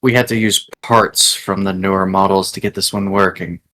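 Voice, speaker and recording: A man's voice: low voice, fairly even intonation, moderate pace, bright, forceful tone, slight background noise. A man playing a tabletop game who laughs often and swears casually. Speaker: player.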